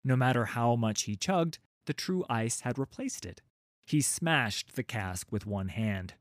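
A man's voice: medium pitch, animated, a little slow, dry recording, studio quality. Wry man reading a children's story. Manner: wry, playful asides to listeners.

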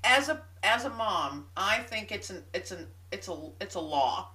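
A middle-aged woman hosting a podcast interview, playful and quick to laugh in casual chat. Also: mid-range voice, expressive, bright, forceful tone. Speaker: podcast host.

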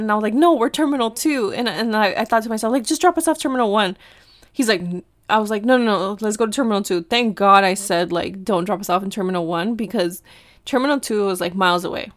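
A young woman from Mexico tells a travel story to the camera, chatty and animated, often acting out what she and others said. Her voice sits at a medium pitch. The sound is close and dry, with no room echo. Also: fairly quick. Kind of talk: casual storytelling.

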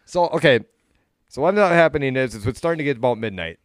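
A man's voice: medium pitch, animated, fast, no echo, studio quality. Rambling, profane man telling a story. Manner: rambling, profane, full of fillers and restarts. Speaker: podcast co-host. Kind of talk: casual storytelling chat.

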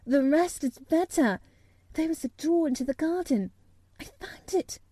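A woman's voice: high-pitched, lively intonation, unhurried, mellow, no echo, voice pushed up. A woman voicing a stubborn, frank young girl in a storybook reading, with an earnest, blunt manner.

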